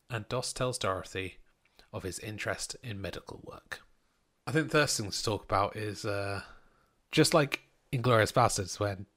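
A man's voice: lowish voice, sharp tone. A man co-hosting a film podcast, cheeky and opinionated, sometimes reading out the plot. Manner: cheeky and opinionated, reads plot summaries aloud. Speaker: podcast co-host. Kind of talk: casual film discussion.

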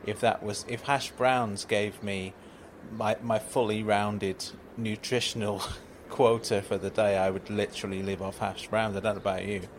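A man's voice: fairly low pitch, level tone, normal speed, slight background noise. Stammering, apologetic man in an audio sitcom. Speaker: comic performer.

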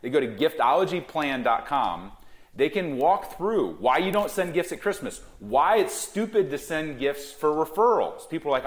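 A man's voice: mid-range voice, brisk. A man in his thirties talking emphatically as a guest in a podcast interview, founder of a gifting company. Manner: emphatic, animated salesman.

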